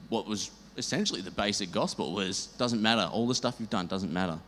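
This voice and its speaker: A man tells a church testimony in a deep, low voice, rambling as he acts out both sides of the conversation. His voice rings in a reverberant hall with a faint noise floor. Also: a little fast. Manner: rambling, animated, acts out dialogue. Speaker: church member sharing a testimony. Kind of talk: storytelling testimony.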